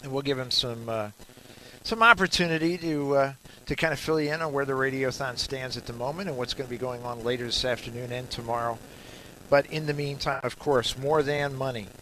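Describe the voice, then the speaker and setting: A man hosting a radio talk show live from a garden store, chatting in a rambling, jokey way with frequent filler pauses. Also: medium pitch, sharp tone, slight background noise, poor audio. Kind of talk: casual radio chat.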